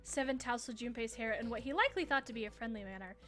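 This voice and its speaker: Woman reading game narration on stream, voice a bit high, faint music behind. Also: quick pace, fairly bright tone.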